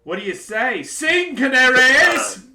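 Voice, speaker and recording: A man voicing a boisterous, flamboyant male king who makes loud, showy, drawn-out proclamations. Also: very high-pitched, lively intonation, vocal fry, echoey room, voice pushed up, heavily acted. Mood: gleeful.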